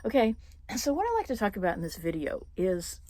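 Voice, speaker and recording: A young woman vlogging casually, rambling with many fillers and restarts and clearing her throat now and then. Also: mid-range voice, sing-song, a little fast, dark tone. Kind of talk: casual personal monologue.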